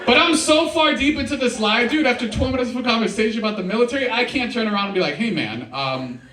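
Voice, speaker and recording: A man's voice: extremely high pitch, rapid-fire, pushed and bright. A young man performing a casual stand-up comedy set at a live show, often saying "dude". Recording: roomy live sound, mic at a distance.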